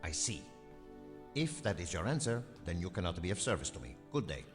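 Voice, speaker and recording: An actor with an Italian accent playing an evasive, haughty Italian tourist in a video game, clipped and dismissive. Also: male voice, deep voice, very animated, brisk. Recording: reverberant game audio with music.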